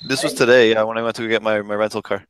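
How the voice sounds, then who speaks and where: A man's voice: fairly low pitch, steady tone, fast talker, a bit bright, smooth, dry recording. A man hosting a podcast in casual chat, ranting freely and swearing often. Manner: profane, ranting, loose and talkative. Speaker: podcast host.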